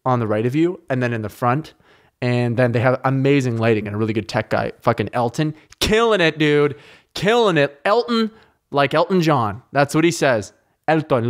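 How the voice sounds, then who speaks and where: A Canadian man hosting a podcast in casual chat, rambling and excitable, with heavy swearing. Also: medium pitch. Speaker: podcast host.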